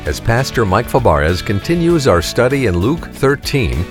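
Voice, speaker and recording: A man's voice: medium pitch, very animated, normal speed. A male announcer giving a polished, scripted introduction to a broadcast program. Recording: voice over guitar music. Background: guitar music.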